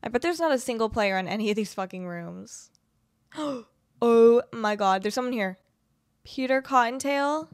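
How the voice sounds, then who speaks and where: A young woman in her twenties narrating her gameplay in a chatty, sarcastic ramble that swears offhandedly. Her voice sits a little high and comes across close and dry. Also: expressive, normal speed, dry recording. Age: 20s. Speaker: gaming video creator. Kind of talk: casual gameplay commentary.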